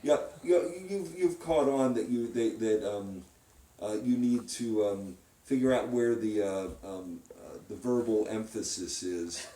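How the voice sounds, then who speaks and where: Heard from a distance in a roomy space, a man with a lowish, warm voice teaches composition one-on-one. He talks unhurriedly and hesitantly, full of fillers and restarts, while a piano plays behind him.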